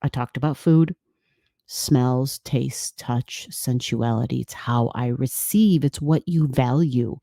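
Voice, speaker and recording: A woman hosts an astrology video in a playful, chatty manner, speaking low and slowly. Her tone is mellow and warm. The close, dry sound has no room echo. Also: vocal fry. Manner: playful, laughing, chatty with quoted asides. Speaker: astrology channel host. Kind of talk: casual explanatory talk to camera.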